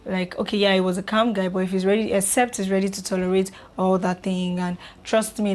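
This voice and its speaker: A young woman, chatting casually to camera about relationships, loose and filler-heavy. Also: medium pitch. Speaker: vlogger.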